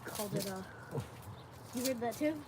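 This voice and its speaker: Playful high-voiced woman, off-mic by a fire. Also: background noise. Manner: playful, quick short interjections. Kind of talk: casual chat beside the host. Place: outdoors by a backyard fire at night.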